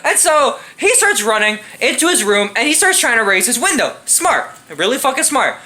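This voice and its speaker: A young woman tears into a film in a casual, profanity-laced rant full of sarcasm. Her voice is bright and fairly high, swinging widely in pitch as she riffs. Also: big pitch swings, normal speed. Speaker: movie reviewer. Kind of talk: casual comedic movie rant.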